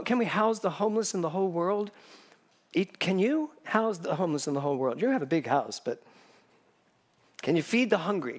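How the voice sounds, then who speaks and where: Lively, high-pitched man preaching a sermon. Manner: animated, conversational preaching with jokes and asides. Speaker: spiritual director.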